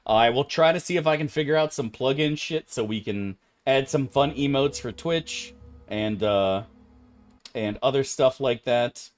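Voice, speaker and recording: A man streaming a video game, talking in a casual, animated, profane way and laughing often. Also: medium pitch, a little slow.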